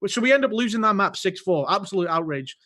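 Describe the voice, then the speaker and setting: High-voiced man telling heated stories. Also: expressive, fast, bright, forceful tone. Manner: swears freely, tells stories heatedly. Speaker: podcast guest, esports player. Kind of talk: casual podcast chat.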